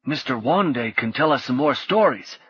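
A man playing a simple, round-faced figure in an audiobook, plain and contented. The voice is husky, on a dull lo-fi recording. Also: mid-range voice, animated, normal speed, fairly bright tone, no room sound, pitched above the performer's own voice.

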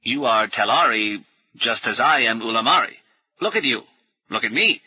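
A man's voice: medium pitch, expressive, normal speed, sharp tone, husky, no room sound, lo-fi sound, exaggerated voice. A man voicing a confident male frog-like fisher creature with a faint quacking lilt. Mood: matter-of-fact.

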